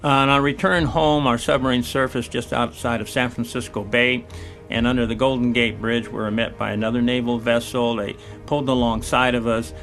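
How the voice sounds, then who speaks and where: An older man, a former Navy diver, telling his personal testimony in an earnest, halting way. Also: medium pitch, little pitch movement, fairly bright tone, soft background music. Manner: earnest, halting storytelling with restarts. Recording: echoey hall, speaker far from mic.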